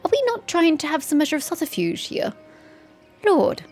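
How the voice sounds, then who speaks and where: A woman's voice: high voice, sing-song, moderate pace, a little mellow. A woman gamer with a sore throat, giving sarcastic, chatty commentary while she plays. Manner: sarcastic, chatty, teasing characters. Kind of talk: let's-play commentary. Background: faint game music.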